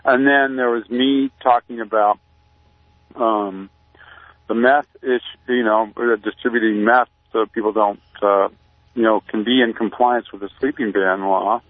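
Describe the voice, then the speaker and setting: A man calling in to a radio show, talking in a halting, rambling way with deadpan satire. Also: lowish voice, dry recording. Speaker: caller, community activist. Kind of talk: casual radio interview over the phone. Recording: tinny phone line.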